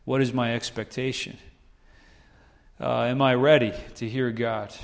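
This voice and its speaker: Male pastor, conversational sermon, mid-pitched voice, long hall reverb. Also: flat delivery, a little slow, creaky. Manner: conversational preaching, rising pitch for quoted voices.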